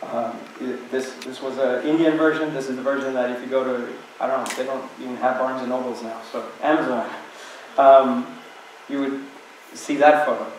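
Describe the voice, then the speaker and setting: A man's voice: medium pitch, fairly even intonation, moderate pace, a little hiss or hum. A man giving an inspirational talk to an audience, telling stories in a conversational way with many asides. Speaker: guest speaker. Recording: very echoey hall, distant mic.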